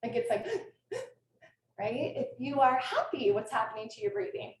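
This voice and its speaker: Woman teacher, fairly high voice, earnest and passionate, talking on a video call from a roomy space set back from the mic. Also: fairly quick. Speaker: kindergarten teacher. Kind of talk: presentation to an audience. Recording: echoey room, distant mic, faint noise.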